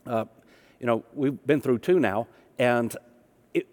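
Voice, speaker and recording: A man's voice: medium pitch, takes it slowly, darkish tone. Man preaching with long hall reverb. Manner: storytelling, conversational with humor. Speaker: minister. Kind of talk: sermon.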